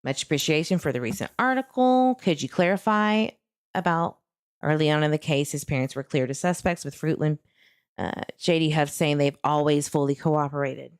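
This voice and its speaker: A woman's voice: low voice, normal speed, clean tone, no room sound, studio quality. A woman hosting a true crime channel, talking casually and with frustration to her viewers while she searches online. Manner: frustrated, talks to viewers, laughs between remarks.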